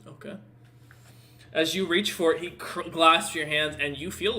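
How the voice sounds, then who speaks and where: A man's voice: fairly high pitch, moderate pace, bright, forceful tone. A man narrating a tabletop game as dungeon master, casual and full of fillers.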